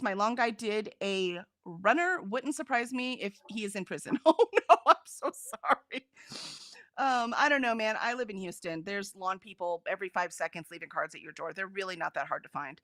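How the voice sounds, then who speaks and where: A woman co-hosting a reading stream in casual chat, reading out viewer comments with animated, laughing energy. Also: mid-range voice, no echo, studio quality. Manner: animated, chatty, laughs often. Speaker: co-host of a reading sprint stream.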